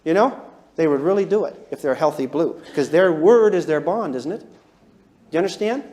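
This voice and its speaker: High-voiced man lecturing a class. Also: fairly quick. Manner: animated, chuckles while talking, quizzes the audience. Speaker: instructor.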